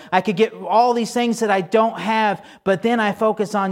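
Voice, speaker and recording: A man with a fairly high voice delivers a sermon from the pulpit. He talks to his congregation in a relaxed, conversational way and checks in with them along the way. When he quotes scripture he slows down and leans on each word. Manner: conversational preaching, asks the congregation for responses. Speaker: pastor.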